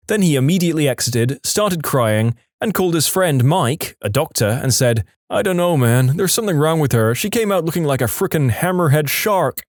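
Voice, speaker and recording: A man reads out short funny stories as a scripted narration, with an animated, swinging delivery. The recording is dry and close, with no room sound. He drops briefly into comic voices for quoted lines. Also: mid-range voice, dry recording.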